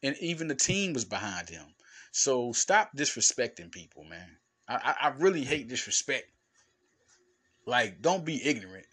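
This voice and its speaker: A man's voice: medium pitch, moderate pace, husky. Emphatic man hosting a solo sports podcast. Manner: animated, emphatic and repetitive, with stammered restarts; informal slangy speech, addressing fans directly. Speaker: podcast host and basketball analyst. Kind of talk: casual solo podcast talk.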